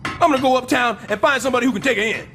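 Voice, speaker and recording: An actor playing a scheming middle-aged building superintendent in an animated sitcom, sarcastic and overdramatic. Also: male voice, very high-pitched, rapid-fire, soft background music.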